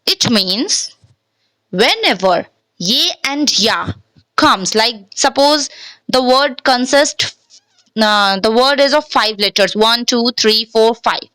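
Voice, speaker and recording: A woman teaches a language lesson from slides, patiently repeating words, checking in with "okay?", and switching between English and Hindi. Her voice is on the high side, expressive, slow and sharp in tone. The recording is rough, with no room sound.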